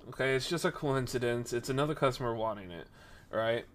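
A man casually telling a rambling workplace story, animated and acting out the voices of the people in it. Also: mid-range voice, a little fast.

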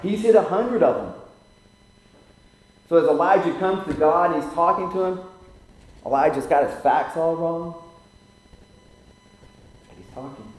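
A male pastor preaching a sermon, swelling loud for emphasis and dropping to near-whispers. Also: on the high side. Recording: very echoey room.

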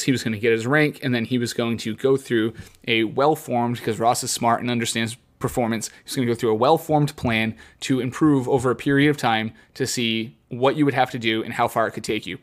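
A man of ordinary pitch chats casually on a podcast mic. He rants in bursts, doubling back on words and hammering the same point again and again. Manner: ranting, emphatic repetition. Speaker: podcast co-host. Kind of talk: casual chat.

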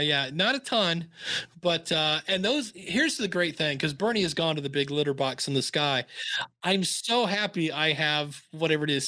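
A man talking as a guest in a casual podcast interview, telling lively stories and slipping into playful voices. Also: on the high side, no room sound, clean studio sound. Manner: lively storyteller who slips into playful voices.

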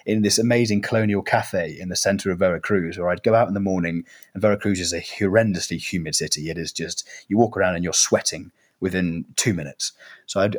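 A man telling a personal travel story in an animated, halting way, full of restarts. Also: low voice.

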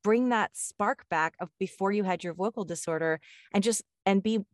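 Animated storytelling woman, dry close sound. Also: medium pitch, moderate pace, no echo. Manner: animated storyteller, acting out quoted dialogue. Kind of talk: casual chat.

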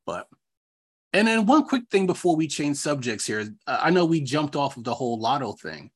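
A man's voice: a little high, sing-song, moderate pace, breathy edge. A man from New York co-hosting a podcast in casual chat, rambling with many fillers. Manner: rambling, filler-heavy, restarts often. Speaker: podcast co-host.

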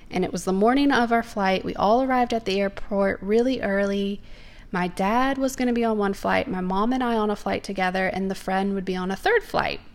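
A young woman, telling personal faith stories in an earnest, emphatic way. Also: medium pitch.

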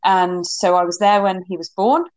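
A middle-aged woman from England, a horsemanship coach, telling her stories in an animated, rambling way as a guest in an interview, laughing often. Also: on the low side, normal speed, dry recording. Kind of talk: casual interview storytelling.

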